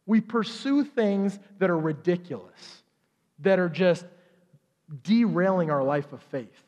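A pastor preaching a sermon in church, retelling the story with lively asides and briefly acting out each character in quick voices. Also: male voice, sits high, in a large hall. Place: church sanctuary.

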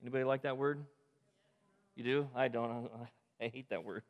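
A man preaching a sermon as pastor, impassioned, climbing to emphatic peaks and falling to quiet asides. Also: medium pitch, fairly even intonation, normal speed, big-room sound, lo-fi sound. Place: church sanctuary.

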